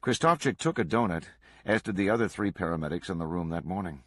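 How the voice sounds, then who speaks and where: A man reading a true crime book aloud to a book club in a steady, measured way. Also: low voice, no room sound.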